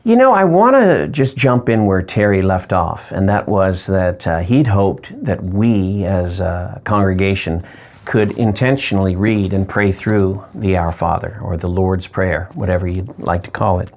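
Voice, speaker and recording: A man, a pastor, giving a short, friendly devotional teaching talk, slowing down to stress words. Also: sits low, animated, darkish tone.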